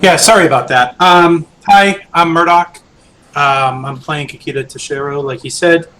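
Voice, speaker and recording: A man introducing himself as a player, speaking haltingly with many fillers. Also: fairly high pitch, bright, forceful tone. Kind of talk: casual self-introduction. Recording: noisy background.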